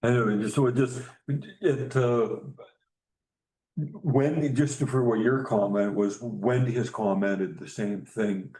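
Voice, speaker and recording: A man on a township council chiming in with halting, chatty remarks and the odd joke. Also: mid-range voice, steady tone, mellow. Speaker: council member. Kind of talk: council meeting discussion. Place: council chamber. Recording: roomy meeting-room sound.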